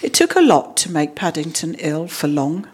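A woman reading a children's storybook aloud in a measured, expressive way. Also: deep voice, breathy edge.

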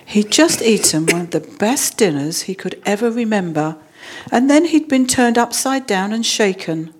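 Reading from a children's storybook, a woman takes her time and puts feeling into the words. Her voice sits in the mid range with a breathy edge.

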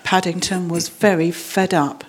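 A woman reading a children's storybook aloud in a measured, expressive way. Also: lowish voice, slightly rough.

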